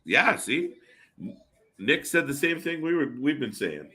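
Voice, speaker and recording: Bright-voiced chatty male stream co-host. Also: on the high side, a little slow, husky. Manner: chatty, fillers, animated reactions. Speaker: co-host of a wrestling watch party stream. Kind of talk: casual live reaction chat.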